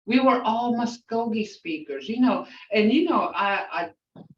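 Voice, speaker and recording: Older woman as an unhurried language teacher, outspoken, repeating each word to model it; distant mic in an echoey room. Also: a little high, expressive. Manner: slowly repeats words to model pronunciation. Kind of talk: language class lesson. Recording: roomy, distant, dull lo-fi sound.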